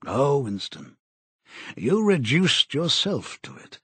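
A man voicing a cold, menacing male interrogator in an audiobook, speaking in a measured, contemptuous way. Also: medium pitch, wildly swooping pitch, fairly bright tone, husky, no room sound, full character voice. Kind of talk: audiobook character reading.

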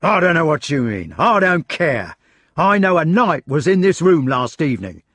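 A man voicing a jealous, furious medieval knight who yells in a shrill, strained voice. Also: very animated, normal speed, no room sound. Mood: defiant.

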